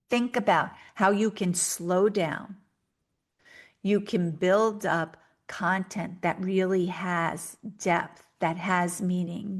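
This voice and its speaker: A woman hosting a solo podcast, talking earnestly and directly to listeners with coaching advice, sometimes speeding up for quick acted asides. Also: lowish voice. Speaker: podcast host.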